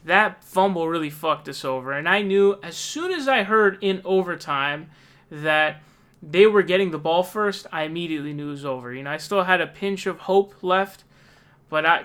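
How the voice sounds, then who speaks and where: Young man, frustrated rant, profane, crisp clear voice, a bit high. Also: moderate pace, a bit bright. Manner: frustrated, profane, exasperated outbursts. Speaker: sports fan ranting. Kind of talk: angry casual rant.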